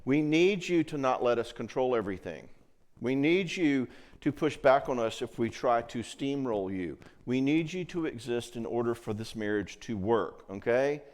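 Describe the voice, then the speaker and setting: A man's voice: medium pitch, lively intonation, normal speed, a little mellow. A middle-aged man giving a conference talk on marriage in a conversational way. He keeps checking in with the audience as he speaks. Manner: conversational, acts out quoted voices, frequent check-ins.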